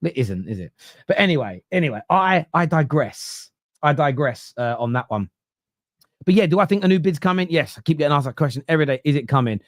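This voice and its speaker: A man's voice: fairly high pitch, animated, a little fast, no echo, studio quality. A man hosting a football podcast, ranting casually with swearing, digressions and mocking asides. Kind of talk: casual opinionated rant.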